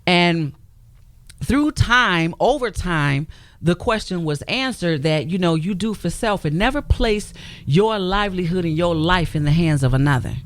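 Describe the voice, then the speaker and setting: A radio interview guest recounts her own story with emphasis, voicing each quote she retells, in a studio setting. Her fairly low voice is expressive and a little slow, recorded dry.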